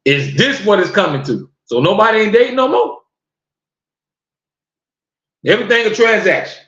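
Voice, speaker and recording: Here the podcast host's voice is high-pitched and a bit bright, with lively intonation and a moderate pace. He rants incredulously to his live-stream audience, piling up rhetorical questions, in a recording that sounds roomy, dull and lo-fi.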